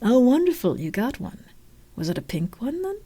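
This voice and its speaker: A woman's voice: a little high, very animated, mellow. A posh, sly male clown, as a woman puts him on. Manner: smooth and mocking, drawn-out taunts. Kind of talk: live-streamed game voice acting.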